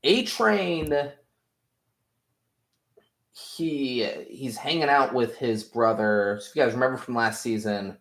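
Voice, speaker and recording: A man's voice: medium pitch, slow, long pauses, a bit bright, roomy sound. A man casually recapping TV episodes as a review host, rambling and swearing freely with lots of "like" fillers. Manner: rambling, profane, heavy on "like" fillers.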